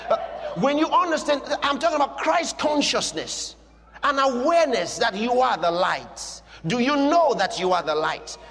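A man preaching a sermon as pastor, emphatic and drawn-out, rising now and then into a shout. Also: extremely high pitch, big pitch swings. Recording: long hall reverb.

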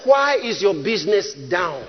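A man preaching with dramatic emphasis, his voice sitting very high and swinging widely in pitch. He shouts key lines and repeats them for effect. The sound is muffled and carries a long hall reverb. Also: big pitch swings, unhurried, slight background noise. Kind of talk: sermon.

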